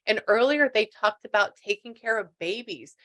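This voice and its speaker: A woman's voice: on the high side, expressive, moderate pace, bright, forceful tone. A woman, a spiritual medium chatting through a reading and relaying messages with lots of quoted asides. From Texas. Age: 60s.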